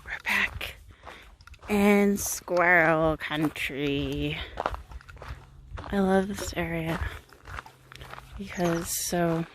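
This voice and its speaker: A woman's voice: on the low side, drawn-out words, pauses often, background noise. A young woman talking casually and swearing freely as she films herself on an outdoor hiking trail, recorded on a handheld camera. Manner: chatty, swears freely, hushed whispering while filming wildlife. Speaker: vlogger.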